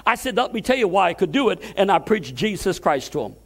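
Brief: very high-pitched male preacher, storytelling sermon, acts out the voices he quotes. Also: fast talker. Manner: repeats words when excited.

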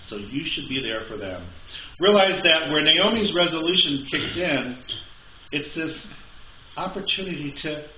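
A man's voice: fairly high pitch, slight background noise. A male pastor preaching a sermon in a conversational way with joking asides, in a church sanctuary. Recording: echoey, slightly dull church recording.

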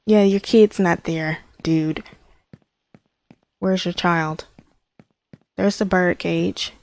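A woman's voice: fairly low pitch, fairly even intonation, extremely slow, a little mellow, no room sound. A woman commenting as she plays horror games, reacting to jump scares with gasps and nervous laughs. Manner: jumpy, gasping reactions. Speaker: horror game player. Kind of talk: let's play commentary.

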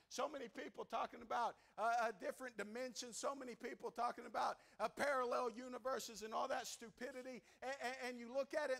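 Man, high voice, revival preacher, swings from shouting to hushed, church sermon. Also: creaky. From American South. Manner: climbs to shouting, repeats phrases, then drops low and quiet. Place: church sanctuary.

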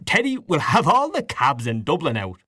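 A man voicing a hearty, stout-spoken middle-aged gentleman in a storybook reading. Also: fairly high pitch, wildly swooping pitch, moderate pace, slightly rough, no room sound, clean studio sound, voice pushed up, full character voice.

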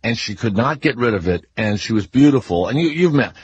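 Guy hosting radio, husky, swings his pitch all over, kinda dull muffled audio. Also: a little fast, dry recording. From Louisiana. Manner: animated storyteller, breaks into quoted voices. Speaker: radio talk show host. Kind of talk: casual radio chat. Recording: muffled studio broadcast audio.

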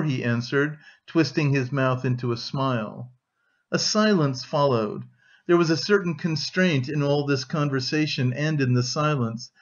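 A man narrating an audiobook of a classic novel, lifting his voice a little for the dialogue. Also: mid-range voice. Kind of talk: audiobook reading, light voicing of characters. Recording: dull lo-fi recording.

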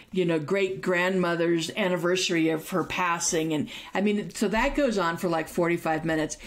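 A woman guest on a podcast, telling a story in casual chat with candid, profane asides. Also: fairly low pitch.

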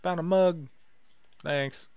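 A man's voice: a little high, fairly even intonation, takes it slowly, a little mellow, clean tone, dry recording. Playful man narrating his gameplay. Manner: casual, playful, mutters to himself. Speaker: gaming YouTuber. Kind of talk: let's play commentary.

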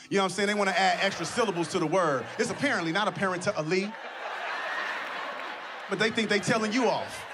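A male stand-up comedian on a comedy stage, telling stories in an animated, conversational way into a handheld mic. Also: high voice, fast, a little hiss or hum. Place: comedy stage before an audience.

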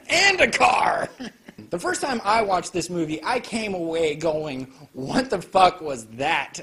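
A man giving a casual, joking film review, full of swearing and quick asides. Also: high-pitched, fairly bright tone. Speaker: anime reviewer. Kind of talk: casual profane video review.

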